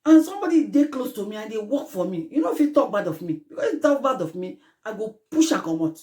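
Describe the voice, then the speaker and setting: Lively Nigerian woman vlogger. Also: a little high, fast. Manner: Pidgin-mixed, preachy, grows impassioned. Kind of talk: casual commentary to camera.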